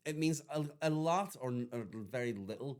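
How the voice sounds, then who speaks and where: A man's voice: on the high side, lively intonation, normal speed, a little mellow. A man, a comedian guest chatting casually on a podcast, rambling, swearing and acting out quotes. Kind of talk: casual chat.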